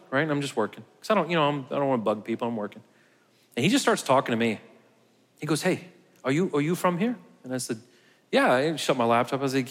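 In a church sanctuary with long hall reverb, a pastor delivers a conversational sermon, telling a personal story with quoted dialogue and laughter. His voice is mid-range with a fairly bright tone.

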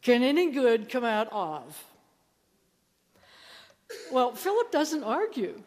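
A woman giving a sermon, telling the story in a lively way and acting out quoted lines. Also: a little high, slow pace. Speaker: preacher. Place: church. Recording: reverberant church hall.

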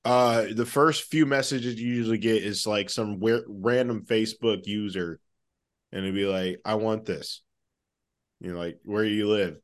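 A man's voice: fairly low pitch, measured pace. A man co-hosting a podcast, telling stories in casual chat, laughing often and swearing freely. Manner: laughing, animated storytelling, heavy swearing. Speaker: podcast co-host.

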